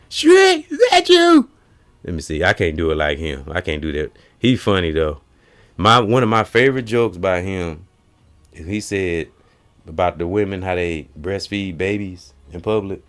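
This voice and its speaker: A man hosting a casual chat, retelling comedians' jokes and breaking into high put-on voices for the punchlines. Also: moderate pace, a bit bright. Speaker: host.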